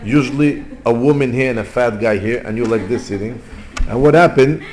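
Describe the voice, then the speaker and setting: Male rabbi, storytelling lesson in broken English, big swings from loud to hushed, faint background noise. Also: mid-range voice, a little fast. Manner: animated storytelling, swings between loud exclamations and quiet asides; non-native English with Hebrew terms. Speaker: rabbi teaching. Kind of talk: informal Torah lesson with stories.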